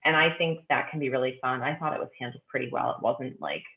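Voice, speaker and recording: A woman's voice: extremely low pitch, fairly even intonation, fast, gravelly, echoey room. Gushing woman over a tinny phone line. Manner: gushing, enthusiastic, lots of fillers. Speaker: guest author. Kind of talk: casual chat about books.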